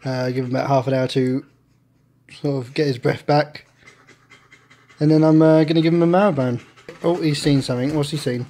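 Seorang pria beraksen Inggris bercerita santai sambil merawat dan melatih anjingnya di rumah. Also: male voice, mid-range voice, fairly even intonation, fairly quick, pauses often, warm tone. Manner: chatty, coaxing the dog with short commands. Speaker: vlogger and dog owner. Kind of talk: casual vlog narration. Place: at home with a dog. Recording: faint background noise.

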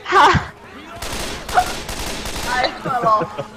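Tipsy gamer, slow draggy talk, giggly, loud gunfire under it. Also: high voice, expressive. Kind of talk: casual chat while playing and drinking. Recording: game gunfire noise behind.

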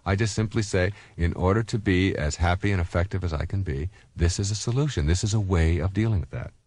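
A man's voice: low voice, fairly quick, a little mellow, dry recording. A man in his fifties, a self-help author, giving a conversational motivational talk full of personal stories, with many fillers and restarts.

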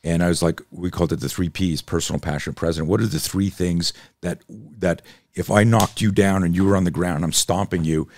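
A man's voice: low voice, steady tone, a little fast, a little mellow, no echo. A man guesting on a podcast as a self-defense instructor, telling stories in an intense, emphatic way and swearing freely. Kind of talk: animated storytelling in casual conversation.

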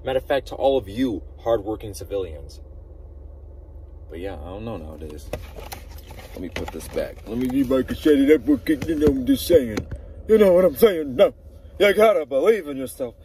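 Lively man ranting from his car. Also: mid-range voice, moderate pace, far from the mic, a little hiss or hum, low-quality recording. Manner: animated ranting, sometimes loud outbursts. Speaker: vlogger. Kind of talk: casual car vlog chat. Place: inside a car at a drive-thru. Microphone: phone held in hand.

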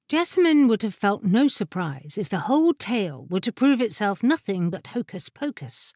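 In this scripted fantasy audiobook, a female narrator speaks at a middle pitch with a measured, expressive delivery. Captured close and dry, the recording carries no room sound.

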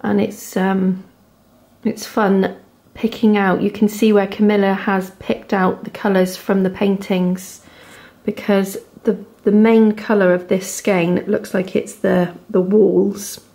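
A woman in her thirties with a Devon accent, chatting casually at home as a knitting vlogger, gushing softly over her yarn. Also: mid-range voice, level tone, slow, gravelly. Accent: Devon English. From England. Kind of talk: casual chat to camera. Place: home, indoors.

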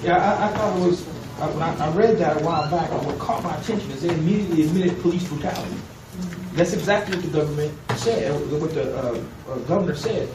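A man in a class discussion who speaks haltingly and restarts his sentences. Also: fairly high pitch. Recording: echoey room from far off, noisy.

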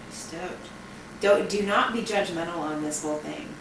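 A woman's voice: lowish voice, moderate pace, creaky. A young woman in casual, frank conversation with a friend, talking freely with lots of fillers. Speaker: friend being filmed. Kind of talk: casual chat. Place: outdoors hangout spot. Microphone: camcorder mic from a distance. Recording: echoey, distant, noisy home video.

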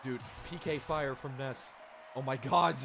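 A young man hosting a live stream, calling the action in a loud, excitable way and laughing often. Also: medium pitch, measured pace, vocal fry, over loud music. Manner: yells and laughs at big moves, then mumbles when fixing slides. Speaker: stream host and commentator.

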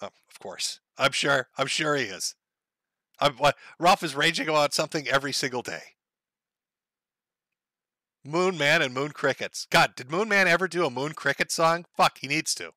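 A man hosts a loose livestream and talks casually while reading chat out loud. His voice sits a little high and bright, with a crude, joking manner and frequent laughter. The sound is close and dry, with no room around it. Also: animated, moderate pace, no room sound. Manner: crude, joking, laughs often between lines.

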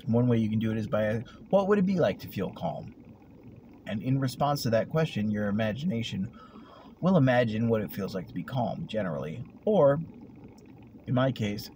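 Male vlogger, low register, meandering and reflective, trailing off quietly; noisy recording with traffic behind. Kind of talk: rambling personal vlog. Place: at work, vehicle sounds around.

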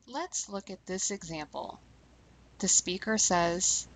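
A woman language teacher giving scripted instructional narration, speaking clearly and slowing down deliberately on key terms. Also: lowish voice, rough recording.

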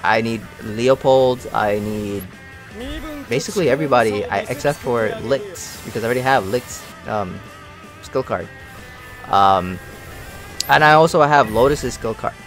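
A young man giving casual, slangy commentary while playing a mobile game, excitable and grumbling at his bad luck. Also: medium pitch, unhurried, over music.

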